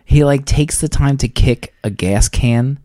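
A man's voice: mid-range voice, a little slow, warm tone, dry recording, studio quality. A young man co-hosting a casual movie podcast, talking in a laid-back, rambling way and chuckling often. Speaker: podcast co-host. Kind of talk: casual movie review chat.

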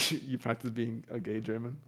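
A man's voice: little pitch movement, normal speed, fairly bright tone. A man co-hosting a podcast in crude, casual banter, laughing often and joking loosely. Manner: laughs often, loose and joking, slips into silly high voices. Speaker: podcast co-host.

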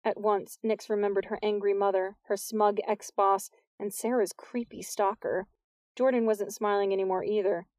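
A woman reading a novel aloud as an audiobook narrator, with smooth, even storytelling. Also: mid-range voice, normal speed, no echo. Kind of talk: scripted narration.

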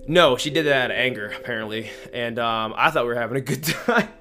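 A young man hosting a podcast, telling a story in casual chat, animated and slangy, acting out the lines he quotes. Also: medium pitch, quick pace, soft background music. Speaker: podcast host.

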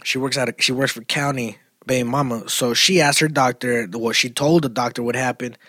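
Husky dude rambling thru a story, lots of slang and cussing, dry close sound. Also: male voice, medium pitch, fairly quick, no room sound. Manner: profane slangy storytelling, grows loud and animated. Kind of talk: casual chat.

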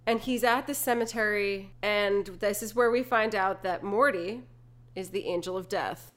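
A young woman co-hosting a podcast, casually retelling movie scenes with lively, laughing asides. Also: mid-range voice, normal speed. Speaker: podcast co-host. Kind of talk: casual movie recap chat.

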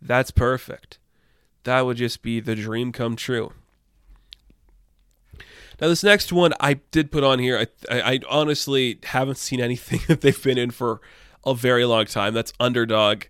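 A man's voice: mid-range voice, a little slow, a bit bright, smooth, no room sound, studio quality. A young man talking loosely and irreverently in a casual opinion monologue, swearing now and then. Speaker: commentator.

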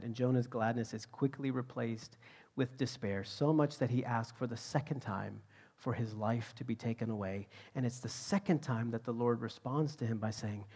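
A man preaching a sermon, swinging from loud, emphatic lines to hushed, whispered passages. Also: mid-range voice, husky. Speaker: pastor.

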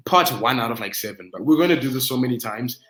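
A man's voice: medium pitch, expressive, fast, a bit bright. A young man hosting an interview, hyped and affirming, often repeating himself. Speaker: interview host. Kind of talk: casual interview chat. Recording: echoey room.

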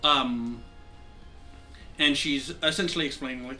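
Man running a tabletop game, bright tense voice, sore throat, lots of ums and restarts, faint music behind. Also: mid-range voice, steady tone, normal speed. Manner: rambling, many fillers and restarts. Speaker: game master.

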